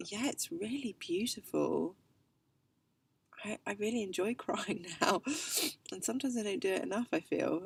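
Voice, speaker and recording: A woman who works as a healer, talking in a reflective spiritual vlog, soft and halting, often sinking to a whisper. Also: lowish voice, creaky, husky, dry recording, far from the mic, low-quality recording. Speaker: healer working with clients.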